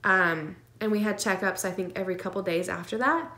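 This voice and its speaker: A woman speaks to her camera in a casual vlog, recounting a personal story. Her delivery is earnest and emotional, full of fillers and nervous little laughs, at a middle pitch. The room around her is echoey. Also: fairly even intonation, fairly quick, bright, forceful tone. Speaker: vlogger sharing her twin pregnancy.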